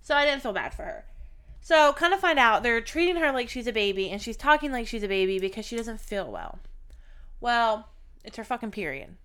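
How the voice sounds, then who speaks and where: A woman's voice: on the high side, very animated, a little fast, a bit bright, clear, resonant tone. A woman co-hosting a podcast, telling a profane, blunt story in casual chat. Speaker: podcast co-host.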